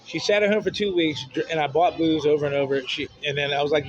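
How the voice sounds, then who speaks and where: A man talks straight to the camera in a rambling, emotional vent, cursing freely and speaking bluntly. His voice sits on the high side, and the recording sounds dull and lo-fi. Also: fast talker, few pauses. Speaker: vlogger.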